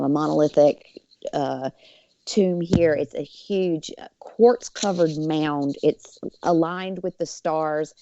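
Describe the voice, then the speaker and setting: A woman, a podcast guest, telling a personal story with many fillers and lively quoted voices. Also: low-pitched, no echo, dull audio.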